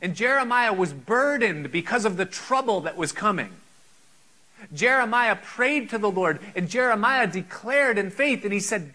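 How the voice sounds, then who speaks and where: A man's voice: high voice, expressive, normal speed, sharp tone, low-quality recording. A man preaching a sermon, earnest and full of rhetorical questions.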